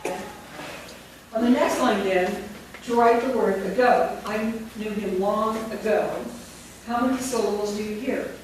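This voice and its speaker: Female workshop instructor, quizzing and dictating; distant mic, echoey room, noisy. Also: mid-range voice. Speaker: teacher trainer. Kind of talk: teacher training workshop. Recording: very echoey room from far off, with noise.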